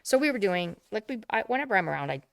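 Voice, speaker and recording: A woman's voice: mid-range voice, sing-song, fast talker, vocal fry. A middle-aged woman co-hosting a podcast in casual chat, chatty and laughing often, trailing off. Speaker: podcast co-host.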